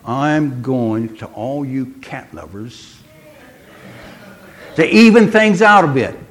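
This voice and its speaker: An older man giving a sermon, telling stories in a chatty way and asking his listeners questions. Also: fairly high pitch. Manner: chatty storytelling, asks the congregation questions. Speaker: preacher.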